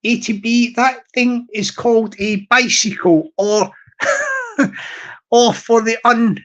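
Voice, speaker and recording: A man's voice: very high voice, slow, fairly bright tone, dull audio. Rambling, teasing male streamer. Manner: rambling, teasing, restarts and repeats himself. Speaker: live streamer. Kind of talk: rambling casual chat to a live audience.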